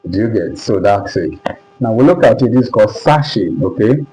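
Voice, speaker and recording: A man's voice: lowish voice, expressive, a little fast, dark tone, poor audio. A man teaching English pronunciation at a board, speaking with a Nigerian English accent and repeatedly asking whether his students understand. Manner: repetitive, keeps checking understanding. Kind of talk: classroom lesson at a board.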